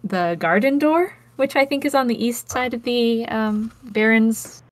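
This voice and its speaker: A woman's voice: a little high, unhurried, no echo. A woman playing a tabletop game, thinking aloud as she describes her character's actions. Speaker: player.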